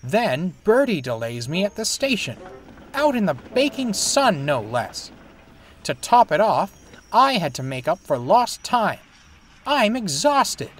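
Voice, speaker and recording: A man's voice: sits high, sing-song, unhurried, a little hiss or hum, pitched above the performer's own voice. A man voicing a vain, sulky male steam engine who complains dramatically.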